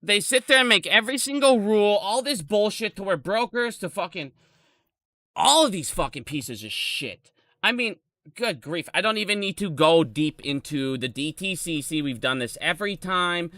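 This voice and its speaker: A man in his thirties rants on a live stream, swearing constantly, his voice high and swinging wildly up and down. The tone is bright and edgy. The sound is dry and close. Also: animated, normal speed, no room sound. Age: 30s. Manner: angry, profane, ranting.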